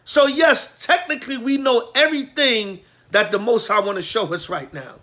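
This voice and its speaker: A man's voice: very high-pitched, normal speed, bright, forceful tone. A man preaching a scripture lesson as priest, emphatic and streetwise, scolding his listeners. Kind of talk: sermon.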